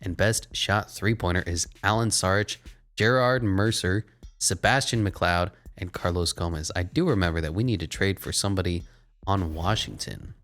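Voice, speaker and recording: A man giving casual, sarcastic running commentary while playing a video game, swinging between mocking asides and excited play-by-play. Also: deep voice, moderate pace, soft background music.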